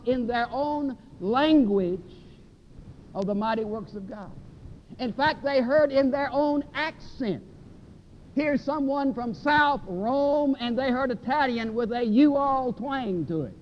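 High-voiced preacher, emphatic. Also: male voice. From Mississippi, USA. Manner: emphatic, stretches key words, repeats phrases for effect. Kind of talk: sermon. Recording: dull lo-fi recording with faint rumble.

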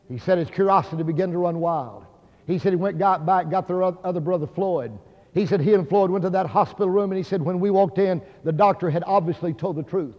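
A man's voice: sits high, fast. A man preaching a sermon, telling a story in an earnest, dramatic way. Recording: dull sound, hall reverb.

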